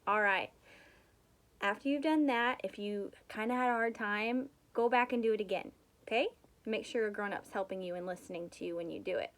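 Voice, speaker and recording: A woman's voice: mid-range voice, brisk, a bit bright. A young woman teaching young children a remote math lesson, patient and encouraging, leading them through counting and chanted rhymes.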